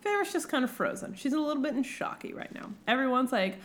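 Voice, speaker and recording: A woman in casual book-club chat, retelling the plot with lively energy. She narrates quickly and keeps shifting into the characters' voices. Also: sits high, a little hiss or hum. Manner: animated storytelling, acting out characters.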